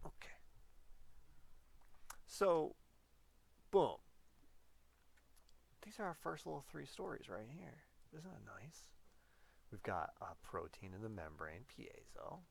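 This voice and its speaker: A man's voice: medium pitch, very animated, slow pace, creaky, long pauses, slight background noise. A man giving a casual whiteboard biology lecture, playful and rambling, often correcting himself as he goes.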